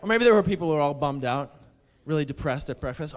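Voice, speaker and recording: High-voiced man doing sarcastic stand-up. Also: animated, fast, hardly any pauses, a little hiss or hum. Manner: sarcastic, mock-indignant rants. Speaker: stand-up comedian. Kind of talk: stand-up set.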